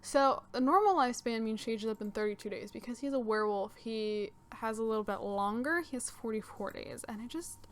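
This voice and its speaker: A young woman, a gaming channel host, chats casually over her own let's-play footage, thinking aloud and using lots of fillers as she works out her next move. Her voice sits a little high and moves fairly quickly with few pauses.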